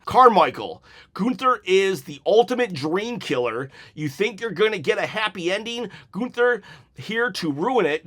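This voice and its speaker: A man's voice: high voice, sharp tone. A man giving heated, exasperated hot-take commentary on wrestling, with sarcastic mock quotes.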